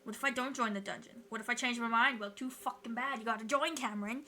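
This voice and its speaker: Bright-voiced woman streamer, chatty and loose. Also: a little high, fast, hardly any pauses. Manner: chatty, swears casually, laughs often. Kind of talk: casual chat while drawing on stream.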